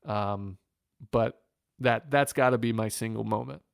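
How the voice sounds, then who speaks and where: A man from Northwest Ohio, a former pitcher, telling an earnest and emotional story in an interview. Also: unhurried, gravelly, clear, resonant tone, dry recording, clean studio sound. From Northwest Ohio, USA. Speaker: former professional baseball pitcher, guest.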